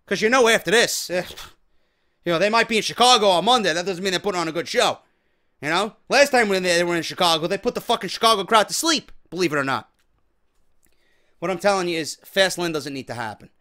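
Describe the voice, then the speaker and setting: High-pitched profane ranting man. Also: animated, fast talker, bright, forceful tone. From New York. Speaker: wrestling show host. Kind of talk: ranting commentary.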